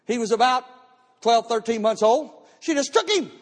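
A man preaching a testimony sermon at a live church service, telling his story with animated bursts of shouting. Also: very high voice, moderate pace. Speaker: pastor. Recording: long reverb of a church hall.

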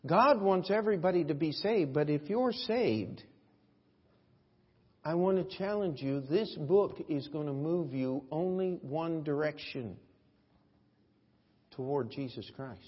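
A man pastor preaching a sermon, swinging between loud emphatic lines and quiet asides, telling folksy stories. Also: a little high, expressive, unhurried, pauses often, slightly rough. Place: church sanctuary. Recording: echoey church hall, dull lo-fi audio.

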